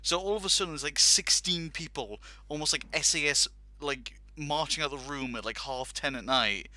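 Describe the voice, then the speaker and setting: Bright, dry-voiced man telling a story. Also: a little high, normal speed, no room sound. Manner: animated anecdote with laughs and acted-out quotes. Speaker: podcast host telling a story. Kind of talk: casual storytelling.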